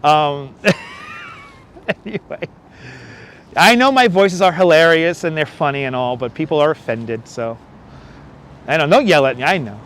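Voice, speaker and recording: A chatty man with a fairly high voice hosts a live walking stream across a windy city bridge. He jokes along and reads viewer comments aloud into a clip-on lapel mic. Faint traffic and subway rumble sit behind him. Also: lively intonation, unhurried, pauses often, a bit bright. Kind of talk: casual live-stream chat. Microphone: wireless lapel mic. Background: city traffic and passing subway trains.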